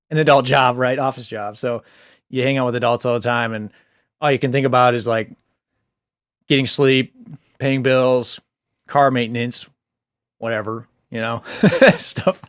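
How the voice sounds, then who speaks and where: A young adult man casually reviewing a book, rambling with lots of fillers, a little low on sleep. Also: no room sound, clean studio sound. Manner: rambling, filler-heavy, animated asides.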